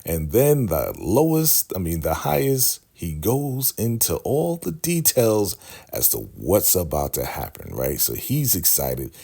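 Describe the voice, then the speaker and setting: A man hosting a casual TV recap vlog, animated and laughing as he acts out the characters' lines. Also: deep voice, measured pace, creaky. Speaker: recap host.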